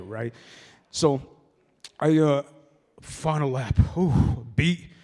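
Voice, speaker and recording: A man's voice: fairly high pitch, drawn-out words, pauses often, a little mellow, big-room sound. A man in his forties doing a loose stand-up set at an open mic, rambling and swearing freely. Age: 40s. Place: hall at a sober open mic night.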